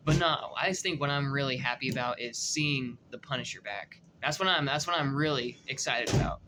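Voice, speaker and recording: Young male vlogger, casual and slangy, bright, slightly high voice. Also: moderate pace, a little hiss or hum. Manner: loose, profane and slangy, with laughs. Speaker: show reviewer. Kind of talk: casual review chat.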